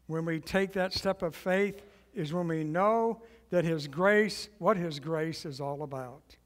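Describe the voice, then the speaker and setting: A man preaching a sermon as guest pastor, leading the congregation in call and response with slow, emphatic repetition. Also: on the high side, long reverb tail. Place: church sanctuary.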